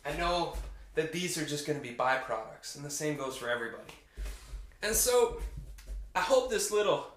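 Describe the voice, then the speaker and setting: An enthusiastic man hosts a casual motivational vlog. He talks in an upbeat, animated way, with a fairly high voice. His voice rings in an echoey room. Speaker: vlogger.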